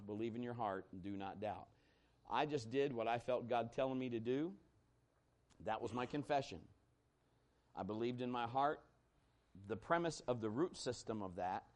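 During a sermon, a male pastor tells a personal story with a mid-range voice. He sounds conversational and lively, his volume swinging from loud to hushed.

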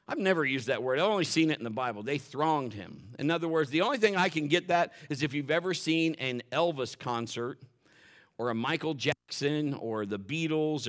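A middle-aged man preaching a sermon in a folksy, animated way, acting out quotes and dropping to a whisper for emphasis. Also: fairly high pitch. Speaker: pastor.

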